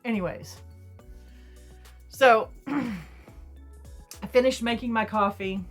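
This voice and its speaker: A woman's voice: a little high, drawn-out words, soft background music. Chatty woman vlogger telling a story. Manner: rambling, chatty retelling with asides. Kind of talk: casual storytime.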